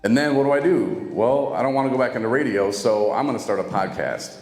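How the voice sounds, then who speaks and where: This man's medium-pitched voice is a little mellow and fairly quick as he casually relates his recovery story to camera, impersonating what people said to him. The recording has an echoey room's long reverb and faint music.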